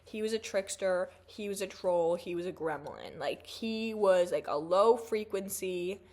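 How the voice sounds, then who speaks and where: A woman's voice: mid-range voice, measured pace. A woman in her twenties telling a story in a casual, profane rant, full of "like" and "um" fillers. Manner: chatty, profane, animated, lots of "like" fillers. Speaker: vlogger.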